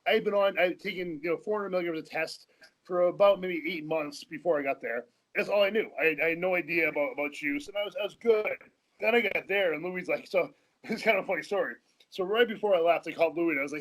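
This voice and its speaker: A man's voice: a little high, fast, fairly bright tone, rough recording. A man telling rambling, profane stories as a guest in a casual interview, often laughing mid-sentence. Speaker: podcast guest.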